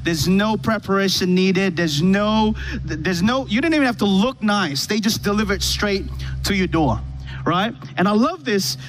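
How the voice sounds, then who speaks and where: A pastor with a high voice preaches a conversational sermon at a moderate pace from a church stage with a worship band, telling a personal story and posing rhetorical questions to the congregation. The recording is rough, with slight background noise and faint keyboard pad music.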